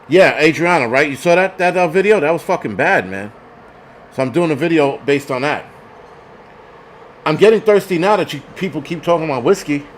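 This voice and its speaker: A man's voice: on the high side, lively intonation, a little fast, a little hiss or hum. A man hosting a casual livestream, reading chat comments aloud and ranting bluntly with plenty of profanity.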